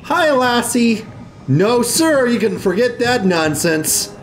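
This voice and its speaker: A man voices his reactions while he plays a video game, his high voice swooping up and down with feeling. He talks slowly and unhurriedly between outbursts, over a noisy background. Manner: animated, emotional reactions to the game. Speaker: let's play gamer. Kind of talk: casual gameplay commentary.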